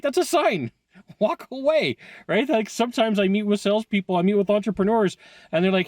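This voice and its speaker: A man's voice: sits high, no room sound, studio quality. Chatty, upbeat man coaching on video. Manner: animated, laughs often, quick asides and self-corrections. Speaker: sales coach. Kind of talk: casual video talk to camera. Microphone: headphones on, recorded live.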